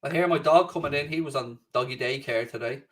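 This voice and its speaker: A fast-talking man with a mid-range, fairly bright voice chats loosely during a casual live stream in his home studio. He reads viewer comments and swears freely, captured by a distant mic.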